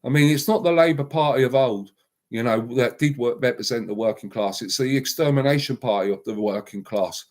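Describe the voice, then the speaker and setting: A man hosts a live stream and rants at his viewers. He talks heatedly, repeats himself for emphasis, and swings between loud outbursts and muttered asides in a mid-range voice. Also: mid-range voice, brisk. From England. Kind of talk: ranting live stream chat.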